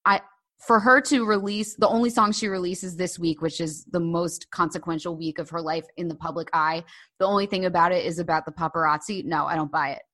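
A woman co-hosting a podcast in casual chat, talking in an animated way with lots of "like" fillers. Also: fairly low pitch, brisk. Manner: chatty, animated, frequent "like" fillers. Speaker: podcast co-host.

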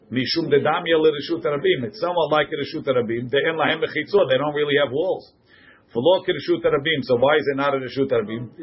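A man teaching a Talmud class, reading Hebrew and Aramaic phrases aloud and translating each one into English for his students in a classroom. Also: fairly high pitch. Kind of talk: classroom Gemara lesson. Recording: muffled lo-fi classroom recording.

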